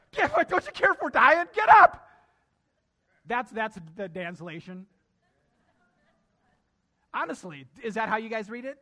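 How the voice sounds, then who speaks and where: A man's voice: high-pitched, fairly bright tone. A male pastor preaching a sermon emphatically, repeating key lines and addressing his congregation directly.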